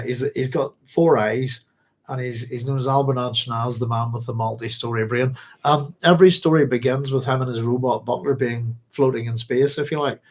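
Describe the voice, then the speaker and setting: Male host, casual chatty rambler who laughs often, middle pitch. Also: a little mellow, rough recording. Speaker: book club host. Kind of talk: casual book talk.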